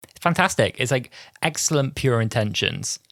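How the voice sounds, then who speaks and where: A man's voice: moderate pace, creaky, dry recording, clean studio sound. A man in his twenties co-hosting a podcast, chatting casually and acting out lines in put-on voices. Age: 20s. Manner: animated, acts out lines from the episode in high put-on voices. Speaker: podcast co-host. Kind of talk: casual chat.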